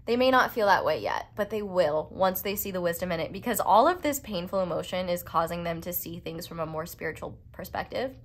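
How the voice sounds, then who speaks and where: A woman giving a casual pick-a-card tarot reading, chatty and rambling with playful, self-mocking asides. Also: fairly low pitch. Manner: chatty and rambling, full of "like" fillers. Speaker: tarot reader.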